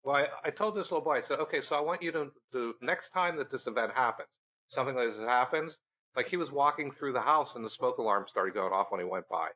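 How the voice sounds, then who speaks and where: Man telling a lively anecdote. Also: medium pitch, fast, rough recording. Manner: animated storyteller, acting out quoted dialogue with laughs. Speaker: research center director, guest. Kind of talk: storytelling in a podcast interview.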